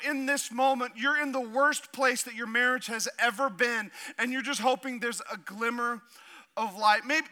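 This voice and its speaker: Bright, high-voiced man preaching a sermon. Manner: animated, humorous asides while reading scripture. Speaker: pastor.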